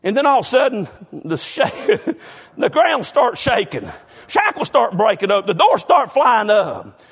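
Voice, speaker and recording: A male pastor preaching a sermon, swinging from low, quiet talk to loud shouting and often saying "bless God.". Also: big pitch swings, measured pace, breathy edge. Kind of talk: fiery Southern-style sermon.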